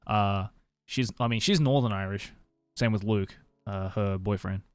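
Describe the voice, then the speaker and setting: A man's voice: on the low side, measured pace, clear, resonant tone, no echo, faint music behind. A young man with a mild Australian accent, chatting casually with his stream viewers, laughing often and swearing freely. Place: home stream room in Tokyo.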